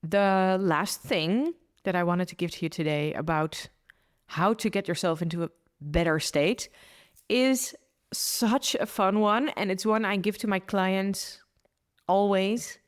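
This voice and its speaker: A woman's voice: mid-range voice, measured pace. A woman hosting a solo podcast, giving earnest, upbeat mindset advice to listeners with frequent restarts. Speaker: podcast host and mindset coach.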